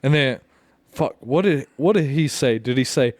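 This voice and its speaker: A man's voice: mid-range voice, animated, moderate pace, no room sound. A man co-hosting a casual podcast, telling a long, profane story and often laughing through it. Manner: profane, rambling, laughs through his stories. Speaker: podcast co-host.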